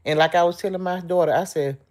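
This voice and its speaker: A woman's voice: fairly low pitch, fairly even intonation, fast, a little mellow. A middle-aged woman hosting a livestream, chatting in a heartfelt, emotional way straight to her viewers. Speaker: livestream host. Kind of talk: casual livestream chat with viewers.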